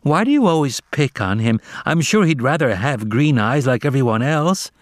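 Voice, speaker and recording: A man's voice: medium pitch, lively intonation, normal speed, dry recording, voice pushed up, lightly acted. A sly cousin cat coos her mockery in a sweet, honeyed tone, as a male reader puts her on. The voice lifts above his own and lingers over its words. It is a storybook voice in a dry recording. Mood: cooing. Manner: cooing, honeyed.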